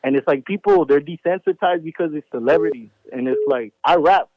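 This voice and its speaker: A man's voice: a little high, brisk, darkish tone, dry recording. A man with a mid-range voice speaking earnestly over the phone, circling his point with fillers. The line sounds dull and muffled, with a dry close sound. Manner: earnest, rambling with many "it's like" fillers. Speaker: caller. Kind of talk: phone call-in.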